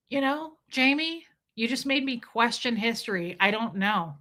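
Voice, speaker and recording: A woman in her thirties chats with her live viewers in a bright, forceful voice. She rambles from topic to topic, reads out comments and throws in the odd swear. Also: a little high, lively intonation, a little slow. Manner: rambling, chatty, swears, mimics movie lines. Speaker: livestream host reading chat. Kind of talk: casual chat with live viewers.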